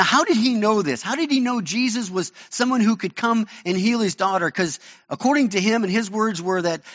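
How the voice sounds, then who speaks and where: Male pastor, earnest conversational sermon; slightly high voice, muffled lo-fi sound. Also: a bit bright. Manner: earnest, conversational retelling of a Bible story. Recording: dull lo-fi recording.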